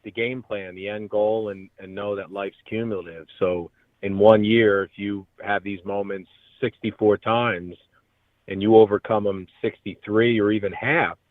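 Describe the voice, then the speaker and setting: A man's voice: fairly low pitch, fairly even intonation, normal speed, no echo. Earnest man on a tinny phone line. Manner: earnest, motivational. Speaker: guest. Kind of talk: motivational radio interview talk.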